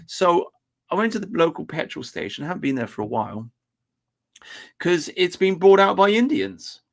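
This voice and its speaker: A man's voice: high voice, very animated, normal speed. A man chatting on a podcast, ranting and swearing heavily. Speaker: podcast co-host. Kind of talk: casual chat.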